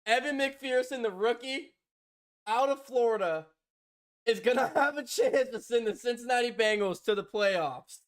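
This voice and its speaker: A man doing live fan play-by-play on a stream. He swings from loud, shouted excitement to soft, stunned murmuring, with frequent laughter. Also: very high voice, moderate pace. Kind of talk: live fan reaction commentary.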